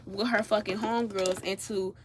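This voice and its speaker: A young woman telling a story casually as she gets ready on camera, animated and profane, turning loud when she gets riled up. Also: medium pitch, moderate pace, noisy background. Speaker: vlogger.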